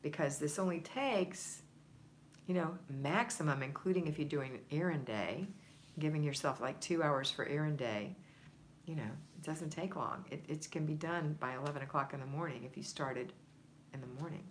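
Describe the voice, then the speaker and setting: Low-voiced woman coaching on a livestream. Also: normal speed, slight background noise. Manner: encouraging, conversational, coaching tone. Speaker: home organizing coach. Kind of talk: livestream chat reading viewer comments.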